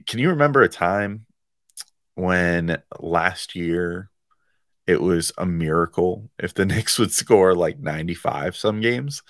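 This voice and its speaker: A man with a deep, low voice hosts a solo sports podcast, talking in a loose and excited way. His speech is casual and slangy, full of easy fillers. The sound is dry and close, with no room around it. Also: no echo. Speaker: podcast host and site editor.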